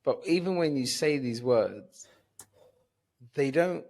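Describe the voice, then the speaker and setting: A man's voice: medium pitch, expressive, slow, creaky, a little mellow. A man chatting on a podcast as a comedian guest, tipsy and sleepy, rambling and swearing freely. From Cyprus. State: drunk and sleepy. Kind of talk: casual podcast chat.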